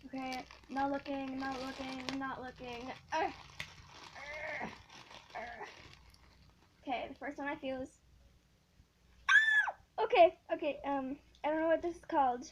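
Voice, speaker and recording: High-voiced excitable teen girl vlogger. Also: brisk, hardly any pauses, noisy background. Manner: excitable, giggly, gushing. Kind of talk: casual unboxing vlog.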